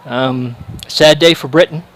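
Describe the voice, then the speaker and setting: A man's voice: a little high, steady tone, unhurried, fairly bright tone, rough recording. A male sports livestream commentator making casual chat, telling a rambling story full of fillers and restarts.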